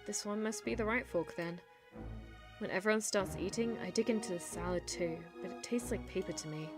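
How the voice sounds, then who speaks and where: Young woman game streamer; mid-pitched, animated narration with chatty asides. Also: fairly quick, music in the background. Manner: animated, laughs often, breaks off to comment. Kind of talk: reading a story game aloud on stream.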